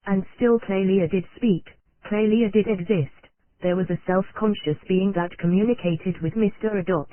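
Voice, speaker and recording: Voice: mid-range voice, steady tone, normal speed, no echo. Synthetic-sounding narrator on a tinny line. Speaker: audiobook narrator. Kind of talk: scripted narration of a psychology book. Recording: tinny, phone-like dry recording.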